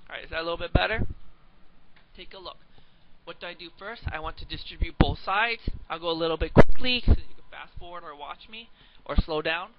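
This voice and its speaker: A man's voice: fairly high pitch, fairly quick. A young man teaching math in a casual, joking lecture, asking viewers questions as he goes. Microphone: webcam microphone. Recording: dull lo-fi home webcam recording with faint hiss.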